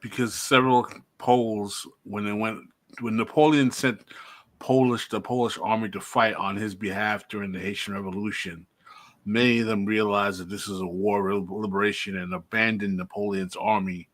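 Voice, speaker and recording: A man with a fairly low voice speaks calmly on a podcast, explaining things in a measured way. He sounds steady and thoughtful as he lays out his points. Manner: calm, explanatory. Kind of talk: casual chat.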